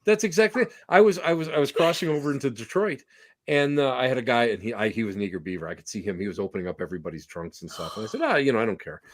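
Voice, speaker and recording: A man's voice: medium pitch, racing. A man, a podcast guest, telling anecdotes in casual conversation and acting out the people in them. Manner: animated, acts out voices in anecdotes.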